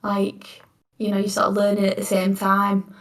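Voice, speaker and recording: A woman's voice: mid-range voice, monotone, normal speed, creaky, recorded from a distance. Giggly northern English woman, off-mic. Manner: giggly, enthusiastic. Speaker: player. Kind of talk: casual chat. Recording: echoey room, off-mic.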